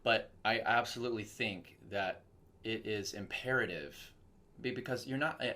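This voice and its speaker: A young male voice actor from Texas, a guest in an interview, talks casually and at a normal speed in a voice on the low side. He acts out quoted voices as he tells his stories with animation.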